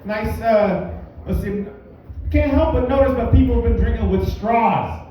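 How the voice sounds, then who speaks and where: A stand-up comedian from Albuquerque doing a profane, mock-angry rant at a bar comedy night. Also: male voice, extremely high pitch, a little slow, a little hiss or hum. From Albuquerque, USA. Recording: echoey, dull, distant room recording.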